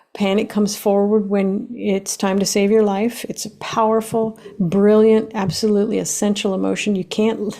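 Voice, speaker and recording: A woman's voice: mid-range voice, gravelly, dark tone. A woman hosting a solo podcast lesson about emotions, speaking emphatically, stacking lists of words, and laughing lightly between points.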